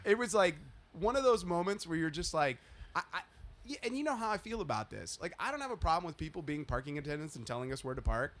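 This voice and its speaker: A man in his thirties, a podcast co-host telling a story in casual chat, swearing freely and loudly acting out the people in it. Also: a little high, expressive, quick pace. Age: 30s.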